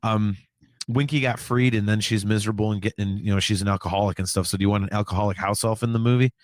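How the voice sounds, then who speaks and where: A man's voice: fairly low pitch, steady tone, fast talker, no echo, clean studio sound. A man co-hosting a podcast, talking in casual chat, rambling and repeating his words as he argues a point. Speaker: podcast co-host.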